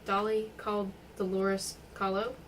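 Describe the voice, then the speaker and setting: A woman reading a novel aloud, giving a cold, vengeful man's lines in a measured, commanding way close to her own voice. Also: medium pitch, level tone, far from the mic, a little hiss or hum, lightly acted, poor audio. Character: cold, vengeful man confronting a rival.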